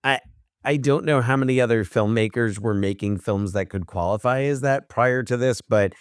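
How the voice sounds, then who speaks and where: An excitable man co-hosting a podcast, talking casually about a film and tumbling through half-finished thoughts. His voice sits in an ordinary middle pitch. The recording is dry and close, with no room around it. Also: moderate pace, clear, resonant tone, no echo. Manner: excitable, thinks out loud with many restarts. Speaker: podcast co-host.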